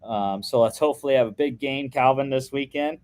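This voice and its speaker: A man's voice: mid-range voice, a little fast, a little mellow. A young man co-hosting a casual sports podcast, chatting through his football picks with lots of fillers and restarts.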